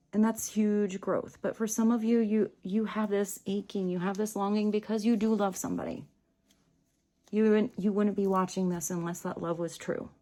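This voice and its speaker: Woman, tarot reader, casual reading, gentle, soft whispery moments, laughs a lot. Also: medium pitch. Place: home room with small table.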